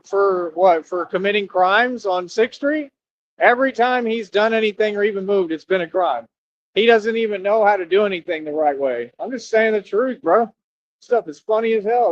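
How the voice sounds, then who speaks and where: Young guy streaming, high voice, combative slangy rant, muffled lo-fi mic. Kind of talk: livestream rant. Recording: dull lo-fi audio.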